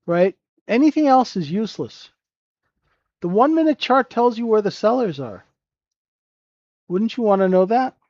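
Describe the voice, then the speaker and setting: Blunt, slow-talking trading room host. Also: male voice, sits high, darkish tone, no echo, dull audio. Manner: casual, joking, keeps asking "right?"; blunt and profane. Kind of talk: live day-trading commentary.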